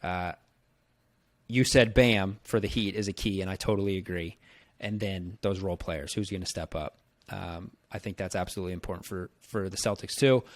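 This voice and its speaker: A man's voice: sits low, steady tone, moderate pace, no echo. A man hosting a casual sports podcast, easygoing and agreeable, laughing along with his guest. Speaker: podcast host.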